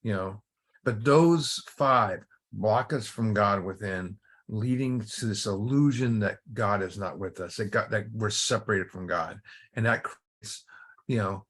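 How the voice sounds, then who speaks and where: A man's voice: fairly low pitch, a little slow, a bit bright, slightly rough. A middle-aged man hosting a recovery study group, telling a story and teaching in a casual, conversational way, often repeating and restarting words.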